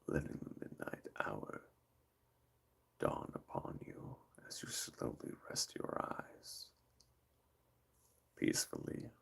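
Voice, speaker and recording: A man putting on a slow, hushed bedtime voice in a whispered role-play, lulling the listener to sleep. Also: a bass voice, vocal fry, husky, pitched below the performer's own voice, exaggerated voice. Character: soothing late-night bedtime whisperer, male. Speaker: livestream host.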